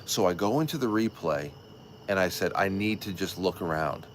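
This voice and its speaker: Low-voiced man telling an excitable, rambling story. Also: moderate pace, slight background noise. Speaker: show host. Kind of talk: casual livestream chat.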